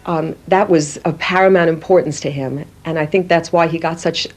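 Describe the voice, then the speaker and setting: A woman giving measured, articulate interview commentary. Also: sits low, steady tone, a little mellow.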